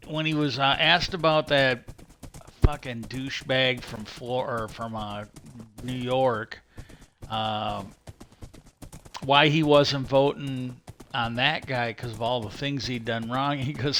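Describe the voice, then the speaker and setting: A man hosting a livestream, talking in a casual, halting way, often restarting his sentences and swearing offhand. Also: mid-range voice, steady tone, fairly bright tone, slight background noise. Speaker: livestream host. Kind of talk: casual rambling commentary.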